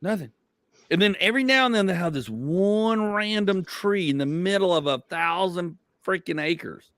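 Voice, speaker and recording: A comedian from Georgia with a Southern accent tells comic stories on a live chat show, acting out quoted dialogue and swearing casually. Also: male voice, high voice, expressive, normal speed, fairly bright tone, dry recording, studio quality. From Georgia, USA. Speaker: comedian and co-host.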